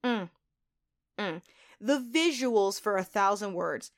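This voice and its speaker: A woman's voice: mid-range voice, expressive, takes it slowly. A woman hosting a solo podcast, talking in a gushing, emotional way with big swings in her voice. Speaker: podcast host.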